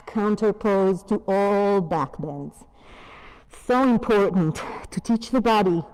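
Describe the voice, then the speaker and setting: A woman yoga instructor with a non-native English accent, gently cueing poses and breathing as she leads a class on a mic in a yoga studio. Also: mid-range voice. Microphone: wearing a mic. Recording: long echo of a studio hall.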